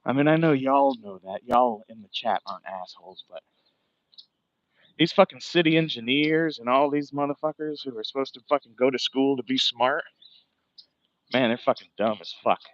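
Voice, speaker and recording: A man's voice: mid-range voice, moderate pace, no echo. Guy walking and streaming outside, cursing and ranting, kinda winded, muffled dry phone sound. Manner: profane, rambling, ranting. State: a bit out of breath from walking. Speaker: livestreamer. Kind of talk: casual walking livestream. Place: outdoors, walking by a waterfront.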